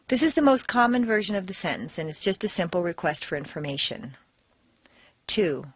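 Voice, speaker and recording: An American woman leads an accent-training lesson. Her pitch swings widely as she stretches and stresses words on purpose. The sound is dry and close, with no room around it. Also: very animated, dry recording. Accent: General American. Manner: clear, deliberate instruction with exaggerated stress demonstrations. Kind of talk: recorded language lesson.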